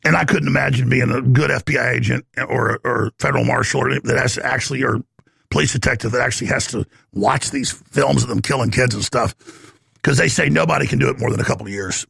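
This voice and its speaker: Gravelly ranting talk-show man. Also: medium pitch, quick pace, a bit bright, dry recording, clean studio sound. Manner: rambling, heated, conspiratorial. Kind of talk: ranting talk-radio monologue.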